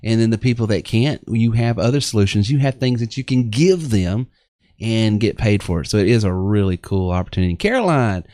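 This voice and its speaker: A man's voice: on the low side, lively intonation, a little fast, mellow, dry recording, studio quality. A man with a Southern accent hosting a live online business show, chatting casually and rambling with lots of fillers and restarts. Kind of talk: casual live-stream chat with pitches.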